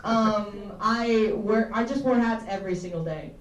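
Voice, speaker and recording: A woman's voice: medium pitch, unhurried, dull audio. Rambling young woman doing stand-up in a roomy space. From Tennessee. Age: young adult. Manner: rambling, self-deprecating, swears often. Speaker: stand-up comedian. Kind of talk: stand-up set. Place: small campus comedy room, live audience. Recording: roomy, mic picked up from a distance with faint ambience.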